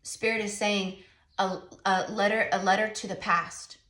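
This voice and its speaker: Woman, tarot reader, chatty, encouraging, mid pitch, echoey, distant mic. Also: steady tone, normal speed, a bit bright. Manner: earnest, repetitive, encouraging, chatty. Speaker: tarot reader and psychic medium. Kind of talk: spiritual tarot reading to camera.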